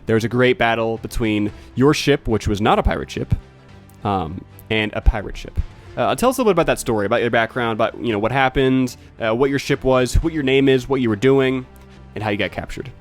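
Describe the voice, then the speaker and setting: A man's voice: medium pitch, fairly quick, faint music behind. A man narrating as game master for a tabletop game, rambling and correcting himself with lots of fillers.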